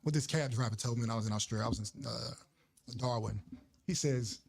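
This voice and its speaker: A man's voice: mid-range voice, fast talker, vocal fry. A man co-hosting a casual livestream chat, telling stories and bantering. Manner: storytelling, banter, reads chat names. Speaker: podcast co-host.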